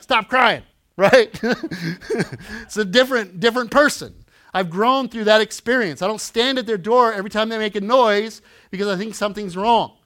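Pastor, male, forties, high voice, chatty sermon, swings between hushed and loud. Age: 40s. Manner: conversational, often adds "right?"; swings from quiet asides to loud emphatic lines.

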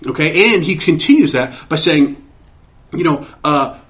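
Excitable higher-voiced man preaching, lo-fi. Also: measured pace. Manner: excitable, restarts and repeats words. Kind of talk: sermon. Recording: dull lo-fi recording.

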